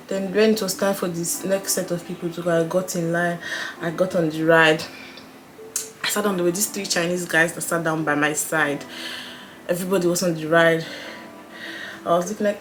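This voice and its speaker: A young woman telling a story in a casual, animated way while doing her makeup on camera, acting out the dialogue. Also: fairly low pitch, moderate pace, soft background music. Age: young adult. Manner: animated, dramatic retelling with quoted dialogue. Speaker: beauty vlogger.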